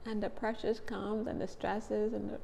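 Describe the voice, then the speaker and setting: A woman's voice: mid-range voice, flat delivery, moderate pace, creaky, mellow, long reverb tail, a little hiss or hum. A tired, tearful woman speaking to her viewers in a heartfelt testimony, repeating her phrases. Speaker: faith vlogger.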